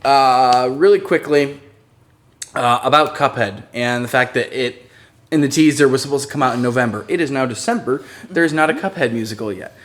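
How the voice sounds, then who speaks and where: A man co-hosting a casual live stream, rambling and relaxed with many fillers. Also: mid-range voice, moderate pace. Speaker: channel co-host.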